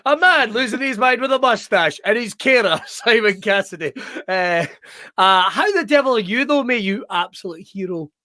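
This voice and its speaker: A man hosts a wrestling chat show in a high-pitched voice, excitable and quick to swear. His jokes tumble out on a dry, close recording with no room around him. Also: no echo. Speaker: show host.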